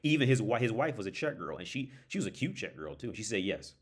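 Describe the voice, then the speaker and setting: A man with a very deep voice chats casually on a livestream, drifting from story to story. He restarts his sentences often and drops blunt, profane asides. He sounds like a young adult from North America. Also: sing-song, fast, slightly rough. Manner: rambling, digressive storytelling with frequent restarts. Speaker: livestream host. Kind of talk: casual chat.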